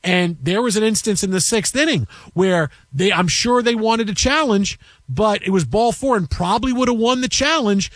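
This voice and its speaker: A man in his forties hosting a casual sports talk show, telling stories with lively quoted voices. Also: sits high, normal speed, hardly any pauses, dry recording. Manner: storytelling, animated with put-on quoted voices. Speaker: radio sports talk host.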